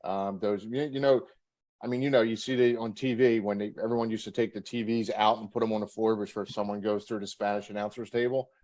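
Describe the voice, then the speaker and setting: A man's voice: on the low side, fairly even intonation, quick pace, darkish tone. A middle-aged man, a former wrestler, telling backstage stories in a casual interview, laughing and acting out quotes. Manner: laughing anecdotal storyteller, acts out quotes.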